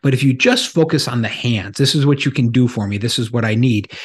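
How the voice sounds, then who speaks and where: A man's voice: mid-range voice, brisk, husky. A middle-aged man co-hosting a podcast, talking casually and illustrating points with anecdotes, often restarting his sentences. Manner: storytelling with anecdotes, frequent restarts. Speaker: podcast co-host.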